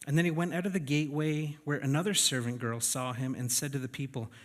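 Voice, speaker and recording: A man's voice: mid-range voice, steady tone, quick pace, hardly any pauses. Conversational male pastor in a reverberant church. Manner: conversational, with frequent check-ins to the congregation. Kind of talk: sermon. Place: church sanctuary.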